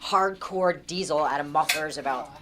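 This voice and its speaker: Low-voiced woman telling a lively story. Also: normal speed, crowd noise. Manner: animated, laughs often while telling the story. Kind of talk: casual storytelling.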